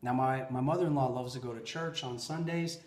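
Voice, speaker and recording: A man hosting a podcast, telling personal stories in an animated way, swinging between loud bursts and quiet asides. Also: mid-range voice, brisk. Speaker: podcast host. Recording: roomy echo.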